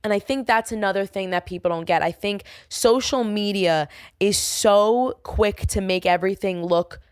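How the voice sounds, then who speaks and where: A woman's voice: normal speed, clear, resonant tone, dry recording, clean studio sound. A young woman from Staten Island, talking casually on her solo podcast and acting out remembered conversations. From Staten Island, New York. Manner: chatty, acts out quoted dialogue with big pitch jumps. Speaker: podcast host.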